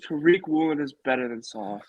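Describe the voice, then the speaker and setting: A man's voice: fairly high pitch, fairly quick, dry recording, muffled recording. A man co-hosting a podcast, chatting casually about sports and jumping in with hot takes. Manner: excitable, jumps in with hot takes. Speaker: podcast co-host.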